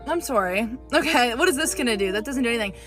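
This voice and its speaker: Indignant woman with a bright voice. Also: a little high, fast, soft background music. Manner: indignant, animated, talks to viewers directly. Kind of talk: animated storytime monologue.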